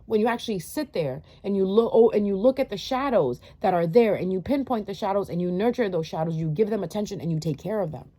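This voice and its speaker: A woman's voice: medium pitch, lively intonation, fast talker, hardly any pauses, warm tone. A woman giving a blunt, preachy talk to her viewers, swearing freely and firing rhetorical questions between lots of fillers. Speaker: tarot reader. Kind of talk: casual monologue to viewers.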